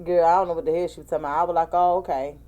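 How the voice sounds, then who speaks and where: A woman, co-hosting a casual chat and telling lively, animated stories. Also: on the low side, very fast, highs cut off. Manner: animated storytelling, acts out quotes. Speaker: co-host.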